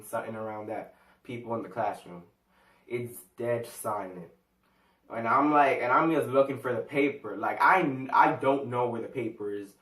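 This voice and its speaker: A man's voice: mid-range voice, fairly bright tone, roomy sound, far from the mic. A teenage guy telling a school story in a casual storytime vlog, rambling, slangy and full of fillers. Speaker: vlogger.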